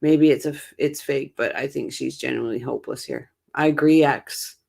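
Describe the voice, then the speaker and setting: Her very deep voice is gravelly and mellow with a breathy edge, delivered at a normal speed. She hosts a casual true crime stream on little sleep, chatty and opinionated as she reacts to her chat, rambling and restarting.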